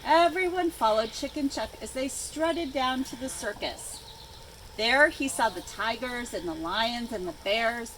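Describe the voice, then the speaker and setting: A woman's voice: fairly high pitch, measured pace, rough recording. Woman reading a storybook aloud outdoors. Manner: expressive storytelling. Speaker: librarian. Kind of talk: reading a picture book aloud to children. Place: outdoors by a chicken coop. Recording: outdoor noise with farm animals.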